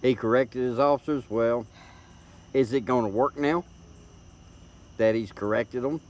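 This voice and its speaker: Recorded on a tablet's built-in mic, a middle-aged livestream host from Tennessee chats in a casual, rambling way with a Southern accent. His medium-pitched voice is unhurried and a little mellow, and his folksy talk is full of repeated words.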